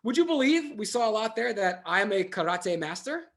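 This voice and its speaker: Lively high-voiced game host. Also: male voice, moderate pace. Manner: upbeat, playful, self-mocking jokes. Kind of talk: hosting an online trivia game.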